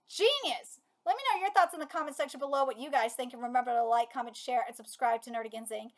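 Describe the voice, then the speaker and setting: A woman hosting a live manga reaction, exclaiming and swearing in disbelief, laughing, and talking straight to her viewers. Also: sits high. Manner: addresses viewers directly.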